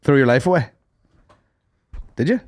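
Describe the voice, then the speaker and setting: A man's voice: medium pitch, animated, normal speed. A Northern Irish man, a comedian co-hosting a podcast, teasing and bantering in casual chat.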